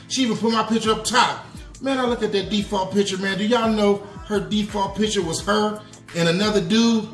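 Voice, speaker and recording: A man tells a long personal confession on his podcast, talking in loose street slang and turning to the listeners with "y'all". His voice sits a bit high for a man. The room is echoey, with faint music underneath. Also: fairly quick. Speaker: podcast host. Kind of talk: storytelling confession.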